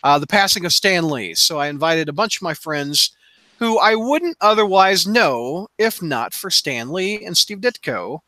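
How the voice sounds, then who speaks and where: A man hosting a podcast in casual chat, relaxed and quick to laugh, stumbling over words now and then. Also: sits high, no echo. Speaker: podcast host.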